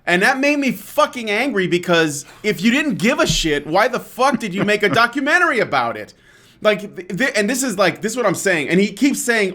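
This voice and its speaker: A man hosting a podcast, ranting in a fairly high voice. He swears freely and sounds exasperated, piling up "like" and "you know" and restarting sentences as he goes. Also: expressive, brisk, sharp tone. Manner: profane, exasperated, with frequent fillers and restarts. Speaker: podcast host. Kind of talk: heated casual rant.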